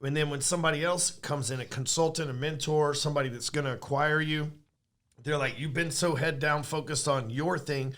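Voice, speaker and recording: A man's voice: a little high, fairly even intonation, fairly quick, a bit bright. Blunt, profane male host. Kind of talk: casual interview.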